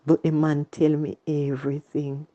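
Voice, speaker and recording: A woman's voice: low-pitched, flat delivery, moderate pace, highs cut off. A woman with a Jamaican accent telling her personal story in earnest, repetitive Patois. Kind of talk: emotional personal testimony.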